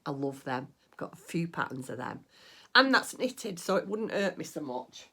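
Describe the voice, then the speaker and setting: Middle-aged woman, low voice, chatty home crafting vlog, rambles and gushes. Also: big pitch swings, normal speed, bright, forceful tone, husky. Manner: chatty, rambling, gushing with delight. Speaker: crafting vlogger. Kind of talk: casual chat.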